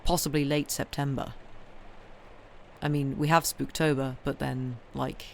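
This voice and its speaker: Her voice is bass-deep and level, a little slow, with vocal fry and slight background noise. Hosting a livestream from home where she reads books aloud, she rambles casually with viewers, replying to chat with many ums. She says she's tired and yawns.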